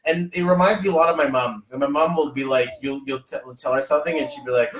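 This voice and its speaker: A man hosting a podcast, chatting casually and motivationally, telling rambling, animated stories full of fillers. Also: fairly high pitch, a little fast, hardly any pauses, echoey room, poor audio. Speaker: podcast host.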